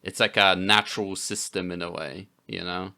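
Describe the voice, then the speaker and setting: A man's voice: low voice, fairly even intonation, moderate pace, vocal fry, pushed and bright. A man co-hosting a podcast in casual chat, rambling and filling gaps with "you know" and "like". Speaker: podcast co-host.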